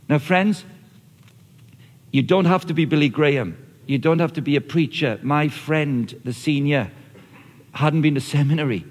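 A man preaching a lively, conversational sermon, often acting out what people say. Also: a little high, moderate pace. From Australia or Britain, not the audience's country. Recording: long reverb of a large hall.

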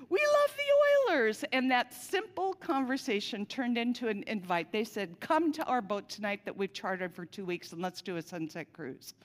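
Woman preaching in a reverberant church. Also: mid-range voice. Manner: warm storytelling, conversational asides. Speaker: pastor. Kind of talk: sermon. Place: church sanctuary. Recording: long reverb of a large church hall.

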